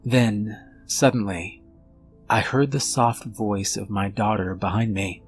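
Slow, low-voiced male horror narrator. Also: fairly even intonation, faint music behind. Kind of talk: scripted narration.

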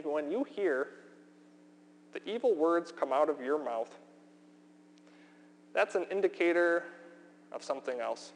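Earnest pastor preaching in a reverberant church. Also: male voice, fairly high pitch. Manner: earnest, emphatic preaching with slow, deliberate pauses. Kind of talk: sermon. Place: church sanctuary. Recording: long hall reverb, faint hum.

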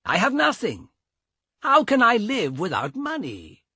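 A greedy, mocking young man speaks in slow, taunting phrases as the narrator plays him. The voice is husky and lively in pitch. The sound is dry and close. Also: no room sound, exaggerated voice.

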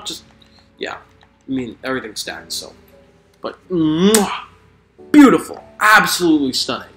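A man giving excitable let's play commentary while gaming, swearing and talking to the creatures in the game. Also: on the high side. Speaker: gamer. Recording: roomy echo with faint music.

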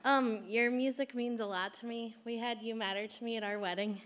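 A woman's voice: on the high side, fairly even intonation, brisk, a bit bright. A woman in the audience asking a question at a live event, nervous, giggly and earnest.

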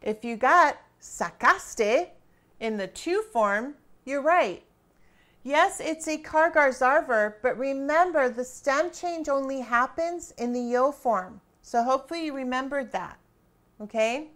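A woman teaching a grammar lesson, quizzing her students with questions and pauses and praising right answers. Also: high voice, expressive, a bit bright. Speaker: Spanish teacher.

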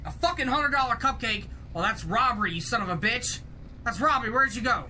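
A woman's voice: fairly high pitch, expressive, a little fast, sharp tone, a little hiss or hum. Rowdy, foul-mouthed woman gamer. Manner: rowdy, profane trash talk. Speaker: gaming streamer. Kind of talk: live gameplay commentary. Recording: game music playing under voice. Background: game music and vehicle sounds.

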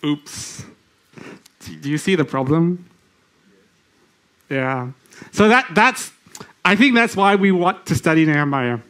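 A man preaching a sermon, asking the congregation questions and reading scripture slowly, with frequent restarts. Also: fairly high pitch, lively intonation, fairly bright tone. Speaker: lay preacher.

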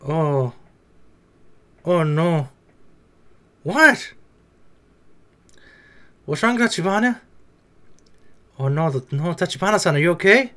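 A man with a fairly high voice reacting to anime in loose, casual commentary. He talks excitably, swears freely and blurts out his reactions. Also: slow, pauses often. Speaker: anime reaction video creator.

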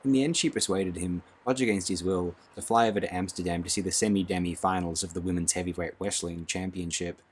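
A male audiobook narrator with a low, husky voice. He reads in a measured, dry way. The recording is close and plain. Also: fairly even intonation.

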